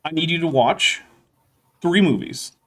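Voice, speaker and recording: Upbeat higher-voiced man hosting a stream. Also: unhurried. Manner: animated, enthusiastic rambling. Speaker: livestream host. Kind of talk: casual chat.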